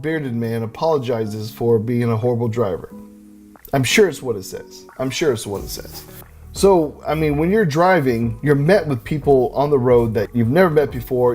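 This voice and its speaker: A man preaching a sermon, telling animated stories with self-deprecating humor. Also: medium pitch. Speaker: pastor.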